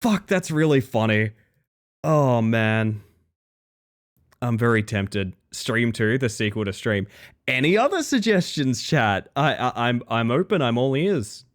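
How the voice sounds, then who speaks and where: Male streamer with a lively, bouncing pitch, rambling and self-mocking on a desk mic. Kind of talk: casual stream sign-off chat.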